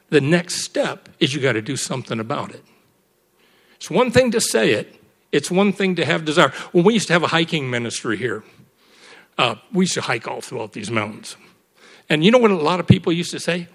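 Animated preacher with a raised voice. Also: male voice, fairly high pitch, moderate pace, husky. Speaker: pastor. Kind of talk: sermon with closing prayer.

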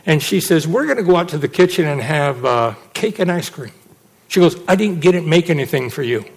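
A man's voice: a little high, brisk, husky. A middle-aged man preaching a sermon, telling a personal testimony and acting out the people he quotes. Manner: animated storytelling, acts out quotes.

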